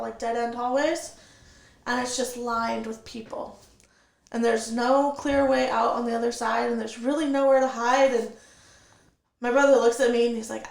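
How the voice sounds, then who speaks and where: A woman recounts her own experience as a guest on an interview show, steady and vivid, slipping into quoted dialogue as she goes. Her voice sits a little high and carries a gravelly fry. The recording has a roomy echo around it. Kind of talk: personal storytelling in an interview.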